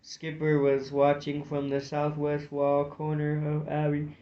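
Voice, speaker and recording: A man's voice: on the high side, completely flat delivery, unhurried. A man reading a fantasy storybook aloud, narrating with occasional slips and restarts. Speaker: audiobook reader. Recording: dull lo-fi recording.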